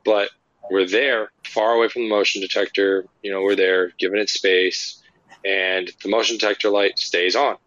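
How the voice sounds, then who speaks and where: A man, a paranormal investigator, telling lively, rambling anecdotes with lots of fillers in a casual interview. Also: lowish voice, normal speed, no echo, lo-fi sound.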